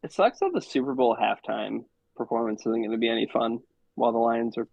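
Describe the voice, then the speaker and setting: A man's voice: mid-range voice, a little fast, vocal fry, no room sound. Dry-witted man on a dull, dry mic. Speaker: podcast co-host. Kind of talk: casual sports chat.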